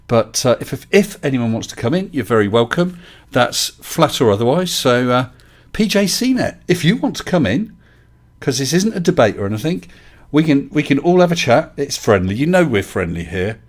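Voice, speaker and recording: A man's voice: medium pitch, big pitch swings, normal speed. Chatty man hosting a live stream. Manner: chatty, joking, talks to viewers by name. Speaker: livestream host. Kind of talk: casual live-stream chat. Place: home desk.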